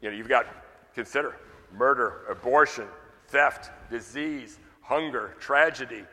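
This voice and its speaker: A man's voice: mid-range voice, measured pace, sharp tone. A man preaching a sermon in a church, conversational but emphatic, asking rhetorical questions and pressing his points. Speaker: pastor. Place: church sanctuary. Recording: reverberant church sanctuary.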